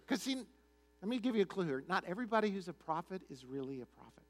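A man preaching a sermon, retelling a story in an animated, chatty, conversational way. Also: sits high, fast talker. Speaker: pastor.

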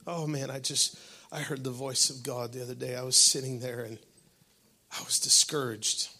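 A male pastor preaching a sermon, swinging from shouted passages to hushed, breathy tones. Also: medium pitch, little pitch movement, moderate pace.

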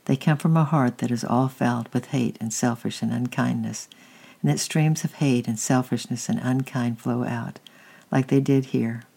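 A reader voicing a kind, patient aunt who gently comforts and coaxes a child and preaches a little. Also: medium pitch, fairly even intonation, moderate pace, creaky, husky. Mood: gently preaching.

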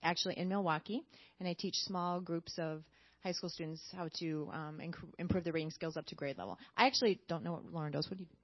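A woman with a lowish voice speaking candidly on a church panel. The sound is dry and close, with a dull, lo-fi tone. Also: steady tone, fast, dry recording. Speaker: panel guest. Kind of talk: unscripted testimony.

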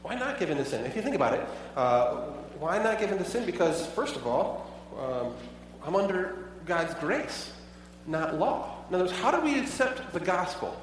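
A man's voice: high voice, sing-song, normal speed, hardly any pauses, a little hiss or hum. A pastor preaching a sermon in a conversational way, asking his listeners many rhetorical questions. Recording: echoey hall, voice from far off.

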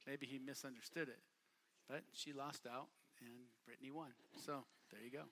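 A man preaching a sermon at a youth camp, casual and repetitive, building from quiet talk to shouting bursts. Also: medium pitch, fairly even intonation, moderate pace, noisy background. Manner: casual, repeats phrases for emphasis. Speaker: youth pastor. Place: camp meeting hall.

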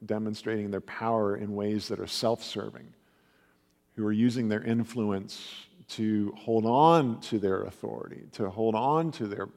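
Man preaching in a reverberant hall. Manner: animated storytelling, raises pitch for quoted voices. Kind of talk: conversational sermon.

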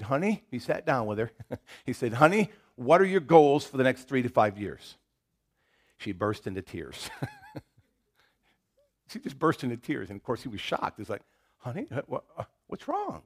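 A man with a Southern American accent preaching to his congregation in a relaxed, chatty way. He laughs easily, restarts his sentences and slips into quick acted-out quotes of people. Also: medium pitch. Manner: conversational, laughs often, restarts and acts out quotes. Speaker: pastor. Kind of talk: sermon.

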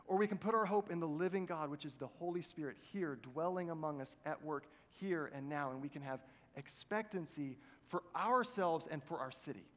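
A male pastor preaching in a big church, his voice pitched high for a man and trailing a long reverb through the hall. He moves between loud, emphatic exhortation and quiet, prayerful passages. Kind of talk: sermon.

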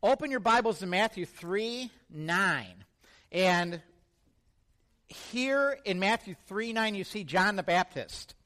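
A high-voiced male pastor preaches a sermon in a church, taking it slowly. His manner is relaxed and conversational as he jokes with the congregation and asks them questions.

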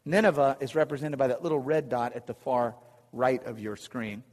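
A man's voice: mid-range voice, steady tone, normal speed, a little mellow. A man preaching a conversational sermon from slides, with chuckling asides and frequent restarts. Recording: long reverb of a hall.

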